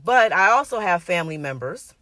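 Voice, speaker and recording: A woman's voice: lowish voice, sing-song, brisk, fairly bright tone, dry recording. A woman giving an earnest, conversational sermon, emphatic and personal, repeating her points. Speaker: minister.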